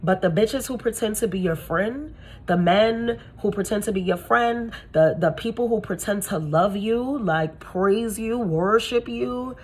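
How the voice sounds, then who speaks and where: A woman's voice: a little slow, husky. A young adult woman, a spiritual reader, giving blunt, profane and slangy advice in a casual monologue. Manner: acts out quoted people in high gushing voice.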